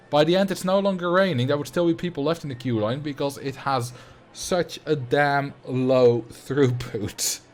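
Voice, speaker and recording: A man streaming a game live, chatting casually and rambling as he answers his chat. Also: a little high. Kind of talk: casual live gameplay commentary. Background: faint game music.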